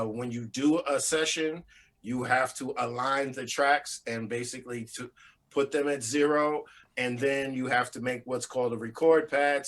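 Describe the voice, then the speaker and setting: A middle-aged man, a former studio engineer, explaining his work in a relaxed, slangy way. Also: mid-range voice. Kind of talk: casual interview storytelling.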